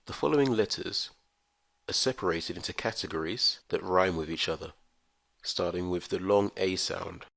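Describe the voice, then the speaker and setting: In a scripted pronunciation lesson, a male English teacher speaks slowly, articulating each letter and sound with care. His very low, gravelly voice has a fairly bright tone, captured in a close, dry recording with no echo.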